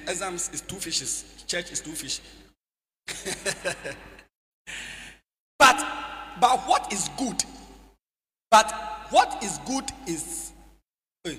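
A man preaching a sermon in a church hall, leading call-and-response and slipping into sing-song shouts. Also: high-pitched.

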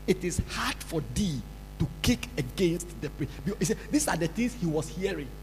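A man preaching a sermon, scolding and repeating himself, breaking into shouts, recorded in a large church hall. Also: a little high, lively intonation, moderate pace. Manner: scolding, repetitive, bursts into shouts. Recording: reverberant hall with faint music.

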